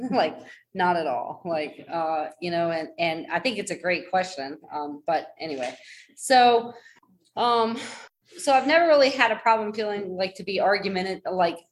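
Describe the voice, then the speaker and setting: The recording is rough, with some hiss or hum, and a woman in her forties speaks animatedly at a moderate pace. Sharing a personal story, she wanders and restarts, uses lots of fillers, jokes at her own expense, and voices other people's words with dramatic pitch leaps.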